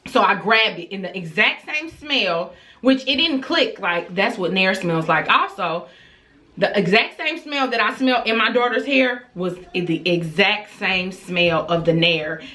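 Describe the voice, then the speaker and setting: A woman's voice: medium pitch, measured pace. A woman, telling a casual storytime vlog and acting out scolding her child. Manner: animated, acts out scolding her child in a raised voice.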